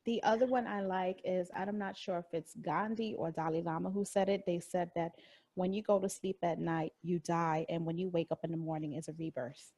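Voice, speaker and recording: A woman hosting a casual talk show, bubbly and quick to laugh. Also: fairly low pitch, fairly even intonation, mellow, dry recording. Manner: bubbly, laughs often, hearty sign-off. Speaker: host.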